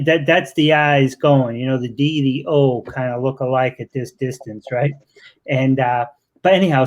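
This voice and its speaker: A man with a Boston accent hosts a casual live interview. His voice sits at an ordinary middle pitch, and he rambles warmly through praise, piling on fillers as he goes. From Massachusetts. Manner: effusive, rambling with many fillers. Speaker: interview host.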